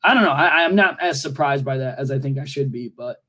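A man's voice: mid-range voice, fairly quick, pushed and bright. A young man co-hosting a podcast in loose, joking casual chat, swearing freely. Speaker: podcast co-host.

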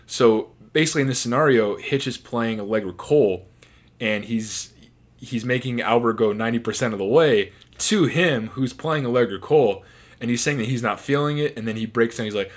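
A man's voice: mid-range voice, a little fast. A man in a casual commentary, talking about his favorite film scenes in a rambling, chatty way with restarts. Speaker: movie reviewer.

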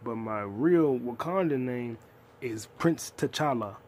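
Profane, animated man ranting about movies. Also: mid-range voice, takes it slowly, slight background noise. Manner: animated, profane, retells scenes with excited outbursts. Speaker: podcast host. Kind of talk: casual movie review rant.

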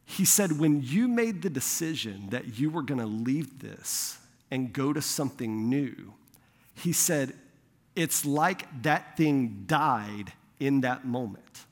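A man's voice: medium pitch, animated, slow. A young adult man, a pastor, telling a personal story in a sermon in a conversational way, acting out the voices of the people he quotes. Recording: long hall reverb.

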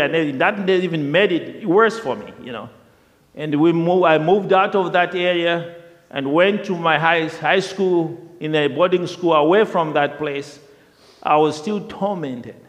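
A man telling a personal testimony in a lively storytelling way, often repeating himself, with the long reverb of a large hall. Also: a little high, measured pace. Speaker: speaker sharing a testimony.

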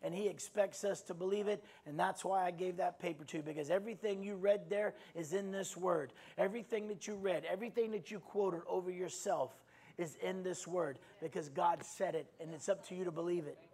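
A man preaching a sermon, leading the congregation in loud, emphatic call-and-response declarations and repeating his phrases. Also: high voice, husky. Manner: emphatic, repeats phrases, stretches words slowly while shouting. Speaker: pastor.

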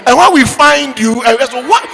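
A man voicing an exasperated African mother who loudly scolds her son with sharp rhetorical questions, in an echoey church hall. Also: on the high side, big pitch swings, fast, voice pushed down, exaggerated voice.

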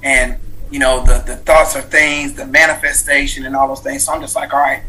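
A man's voice: medium pitch, flat delivery, fairly quick, pushed and bright, low-quality recording. A man in his thirties, a guest author, telling a personal story in an interview, earnest and reflective, with many fillers and restarts. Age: 30s.

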